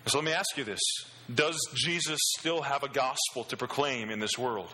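A man's voice: mid-range voice, moderate pace, sharp tone. A middle-aged male pastor preaching a sermon, passionate, asking the congregation rhetorical questions and pushing his voice up on key phrases. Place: church hall. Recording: echoey church hall.

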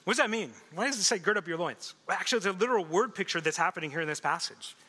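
Pastor guy preaching, high bright voice, lots of questions to the crowd, big echoey hall. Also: racing, slightly rough. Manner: animated, asks the congregation questions and laughs often. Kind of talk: sermon.

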